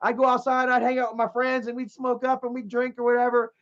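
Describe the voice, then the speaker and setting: Really high-voiced guy ranting on his stream, swears a lot, keeps restarting, kinda muffled lo-fi audio. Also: completely flat delivery, fast, fairly bright tone. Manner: profane, rambling storytelling with many restarts. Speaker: livestream host. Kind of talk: casual livestream rant.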